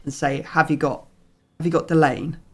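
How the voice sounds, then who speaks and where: A man's voice: a little high, flat delivery, normal speed. A man hosting a gaming video, chatting casually and rambling through his explanations with plenty of fillers. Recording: music playing faintly behind.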